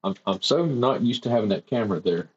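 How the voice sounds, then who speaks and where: Guy streaming from his home workshop, rambling and self-deprecating, husky voice, dull lo-fi sound. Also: lowish voice, animated, fast. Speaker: airbrush artist streaming his work. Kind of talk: casual livestream chat while painting.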